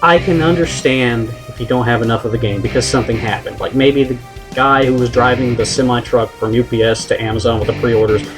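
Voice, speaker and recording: A man's voice: medium pitch, brisk, over music. A man ranting on a vlog, exasperated and profane, rambling with many restarts. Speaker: vlogger. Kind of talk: comedic rant vlog.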